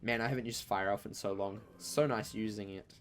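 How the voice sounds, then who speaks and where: A young man, chatting casually through a live-streamed game, joking and breaking into loud outcries. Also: fairly low pitch, fairly even intonation, a little fast. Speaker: gaming streamer.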